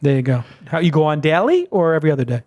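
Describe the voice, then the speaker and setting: A chatty man with a fairly high voice hosts a podcast interview. He tells stories with a self-mocking, casual flow, talking freely and at length. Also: big pitch swings, rapid-fire, a little mellow. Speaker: podcast host.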